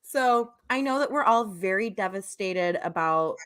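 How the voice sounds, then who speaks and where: A woman hosting a casual podcast chat, bubbly and quick to laugh. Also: medium pitch, expressive, a bit bright, clean tone. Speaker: podcast host.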